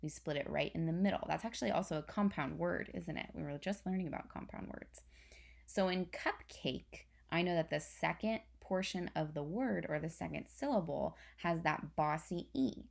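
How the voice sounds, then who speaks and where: A woman's voice: low-pitched, normal speed, gravelly. A young woman teacher patiently explaining a spelling lesson step by step to her class. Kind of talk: recorded online spelling lesson.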